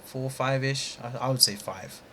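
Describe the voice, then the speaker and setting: A man's voice: mid-range voice, a little slow, fairly bright tone, slight background noise. A young British man talking through live trades with slangy, frustrated asides to himself. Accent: British English. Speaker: trading streamer. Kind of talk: live trading commentary.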